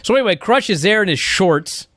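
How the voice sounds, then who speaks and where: A man co-hosting a podcast, talking casually, swearing a lot and ranting with big jumps in pitch. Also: a little fast, dry recording, studio quality. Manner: profane, animated, swings his pitch up when outraged. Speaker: podcast co-host. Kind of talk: casual chat.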